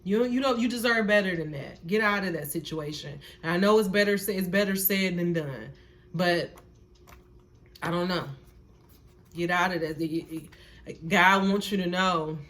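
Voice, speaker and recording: A woman's voice: lowish voice, moderate pace, fairly bright tone. A woman giving a casual spiritual tarot reading, talking emphatically and repeating herself, with free swearing and earnest, preacher-like encouragement. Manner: emphatic and repetitive, swearing freely. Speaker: tarot reader.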